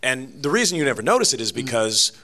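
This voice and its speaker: This fast-talking man has a mid-range voice and answers panel interview questions as a convention's guest voice actor. He stays chatty and animated, with laughs and frequent restarts.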